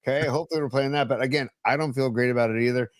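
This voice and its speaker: A man co-hosting a sports podcast, talking in a loose, halting way with many fillers. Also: mid-range voice, dry recording, clean studio sound. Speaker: podcast co-host. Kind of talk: casual sports chat.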